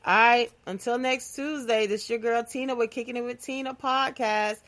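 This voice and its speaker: A woman hosting her own podcast, talking in a playful, animated, casual comedic monologue with phrasing. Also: on the high side, normal speed. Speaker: podcast host.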